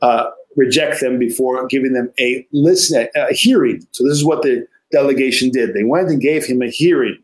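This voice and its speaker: A man, a priest, giving a church history lecture in a deliberate way, often pausing on fillers and correcting himself mid-phrase. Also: medium pitch, rough recording. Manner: deliberate, frequent filler pauses and self-corrections.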